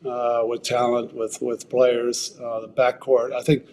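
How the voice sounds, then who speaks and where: A man answering in an interview clip, halting and repeating words. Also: mid-range voice, flat delivery, a little mellow, slight background noise.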